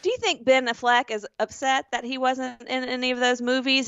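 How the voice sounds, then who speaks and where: A middle-aged Southern woman co-hosting a podcast, trading quick jokes in casual chat. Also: sits high, little pitch movement, a bit bright, clean tone, no room sound, highs cut off. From American South. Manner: quick joking banter. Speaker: podcast co-host.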